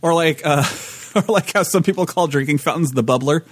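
A man co-hosts a tabletop gaming podcast, chatting casually, rambling, restarting sentences and laughing often. His voice is a little high and slightly rough, and he talks briskly with no room sound.

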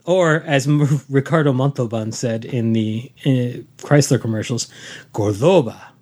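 A man's voice: medium pitch, steady tone, measured pace, a little mellow. A man co-hosting a podcast, reading board game news in a playful way and joking around. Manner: playful, quotes movie lines and jokes around. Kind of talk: casual chat about board game news.

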